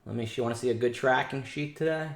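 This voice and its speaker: A man's voice: mid-range voice, fast talker, creaky. A man hosting a day trading show, talking bluntly and casually in slang, scolding and reviewing trades. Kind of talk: live trading stream chat. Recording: echoey room.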